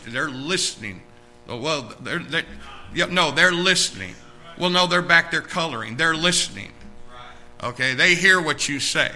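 Fired-up preacher, bright forceful voice. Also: male voice, poor audio. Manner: exhorting, swings from low and quiet to loud and excited. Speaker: pastor. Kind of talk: sermon. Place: church sanctuary.

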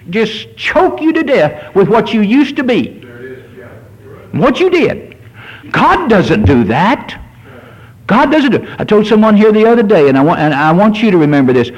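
A man's voice: high voice, poor audio. A man in his sixties, a pastor preaching a fervent sermon and reading scripture aloud. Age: 60s.

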